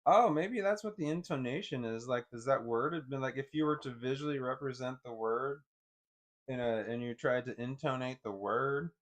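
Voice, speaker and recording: Halting, self-correcting man thinking aloud. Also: medium pitch. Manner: halting, repeats words while working out what he sees. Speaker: live streamer. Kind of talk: thinking aloud on a live stream.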